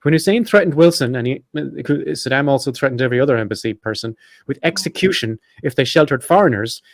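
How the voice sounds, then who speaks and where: A man hosting a podcast, reading a prepared script quickly with chatty asides and self-corrections. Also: medium pitch, lively intonation, dry recording, clean studio sound. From Ireland. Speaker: podcast host.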